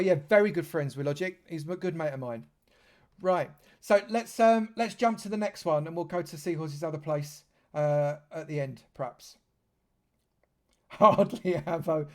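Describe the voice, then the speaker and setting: A man's voice: on the high side, a little mellow. A man from London, giving chatty live commentary on a game stream and joking with dry sarcasm. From London, England.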